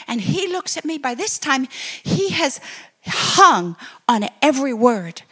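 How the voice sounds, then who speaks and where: A middle-aged woman preaching, telling a testimony story and acting out her own excited quotes. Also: sits high, measured pace. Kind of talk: sermon testimony.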